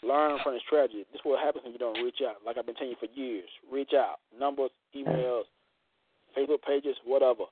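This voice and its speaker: Talking quickly in a mid-range voice, a radio talk show host jokes bawdily and mimics other people's voices in a casual style. The dry recording has a tinny phone-line sound and slight background noise.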